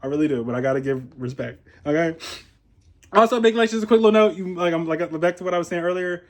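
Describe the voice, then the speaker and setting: A young man from Ohio giving a casual, profane commentary on a reality show. He is chatty, laughs often and makes animated asides. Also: fairly high pitch, fast. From Columbus, Ohio, USA. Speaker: reality TV reviewer.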